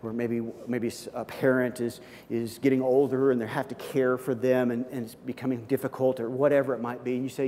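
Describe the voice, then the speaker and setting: A man preaching a sermon, animated, acting out little everyday dialogues and often repeating his words. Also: medium pitch, a little fast, hardly any pauses, a little hiss or hum. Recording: long hall reverb.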